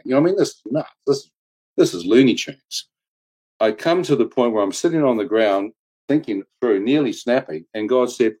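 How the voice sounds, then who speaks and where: Excitable man telling a wild story. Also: normal speed, poor audio. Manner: excitable, laughs often, acts out quoted voices with big pitch jumps; colloquial slang, "mate", "flippin'". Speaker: guest telling a testimony. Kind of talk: animated personal storytelling.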